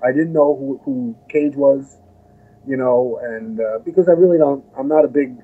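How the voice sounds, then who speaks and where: A man's voice: mid-range voice, normal speed, phone-quality sound. An American man telling a long story as an interview guest, rambling with many restarts and asides. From United States. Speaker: guest musician.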